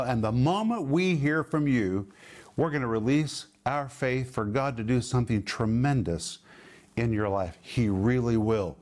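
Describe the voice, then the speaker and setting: A man hosting a televised Bible teaching, speaking earnestly and emphatically, slowing down to stress key phrases. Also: medium pitch, darkish tone. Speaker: Bible teacher and TV ministry host.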